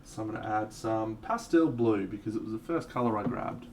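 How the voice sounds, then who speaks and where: A man's voice: on the low side, brisk. A man streaming live, talking casually and a little self-mockingly as he paints miniatures and explains his colours. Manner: relaxed, rambling, self-mocking asides. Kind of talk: casual live tutorial talk. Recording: distant mic with faint background noise.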